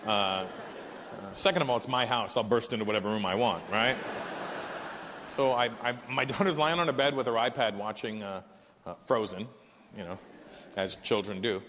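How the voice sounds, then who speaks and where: A man in his forties performing a stand-up comedy set, telling stories animatedly with profanity and loud punchlines. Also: on the low side, moderate pace, pauses often, background noise. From Canada. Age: 40s. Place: large live venue. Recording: echoey hall with live crowd ambience.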